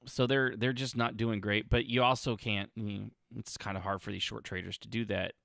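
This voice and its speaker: A man's voice: lowish voice, level tone, a little fast, vocal fry, fairly bright tone, no room sound, clean studio sound. A man hosting a casual gaming podcast, rambling and sarcastic, often breaking off mid-sentence. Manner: rambling, sarcastic, self-interrupting. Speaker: podcast host.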